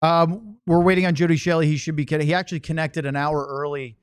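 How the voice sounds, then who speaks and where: Casting note: male podcast host, friendly and upbeat, crisp voice on a dry mic. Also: on the high side, fairly even intonation, fast, no echo. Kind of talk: casual podcast chat.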